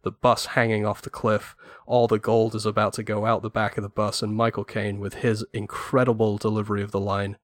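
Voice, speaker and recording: A man with a lowish voice talks at length and with enthusiasm, giving firm opinions. The recording is dry and close, with no room sound around him. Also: little pitch movement, fairly quick, hardly any pauses, dry recording. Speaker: podcast guest. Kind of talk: casual film podcast chat.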